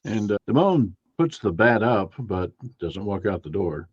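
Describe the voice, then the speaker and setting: Low, husky male player, casual and hesitant, dull dry mic sound. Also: sing-song, measured pace, no room sound. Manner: describes his character's actions plainly, some hesitation. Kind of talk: playing a tabletop game, casual.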